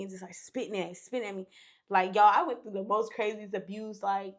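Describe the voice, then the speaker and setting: A young woman guesting on a podcast retells a story in casual slang, swearing a lot and breaking into loud shouted bursts. Her medium-pitched voice stays steady in tone, and she speaks briskly.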